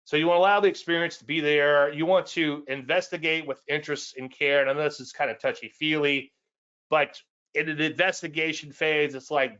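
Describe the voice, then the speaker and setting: A man's voice: on the high side, steady tone, normal speed, a bit bright, muffled recording. A man with a Cajun Louisiana accent giving a casual trading presentation, repetitive and folksy with self-deprecating asides.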